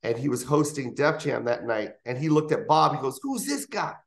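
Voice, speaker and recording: A man's voice: mid-range voice, a little fast. A comedian in his fifties telling stories in an interview, acting out other people's voices along the way. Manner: animated, acts out voices in anecdotes. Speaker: comedian guest. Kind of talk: interview storytelling. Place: interview studio.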